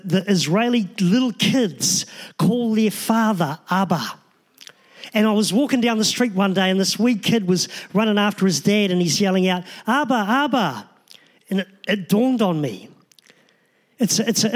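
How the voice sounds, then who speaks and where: A man, a pastor, preaching a sermon in an earnest, emphatic way with short repeated phrases. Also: sits high.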